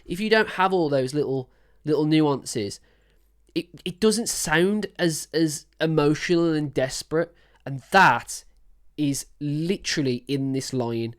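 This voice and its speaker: Picture a woman with a low, deep-set speaking voice hosting a music reaction. She rambles happily, piling on fillers and gushing over what she hears, in a loose and casual commentary. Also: expressive, measured pace. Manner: enthusiastic, rambling with many fillers.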